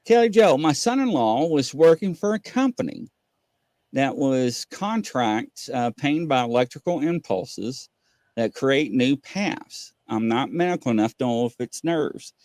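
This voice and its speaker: A man's voice: medium pitch, lively intonation, unhurried, a little mellow, no room sound, studio quality. Folksy man hosting a live show. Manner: rambling, folksy, reads viewer questions aloud. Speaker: host of a live call-in show. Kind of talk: casual live-stream chat.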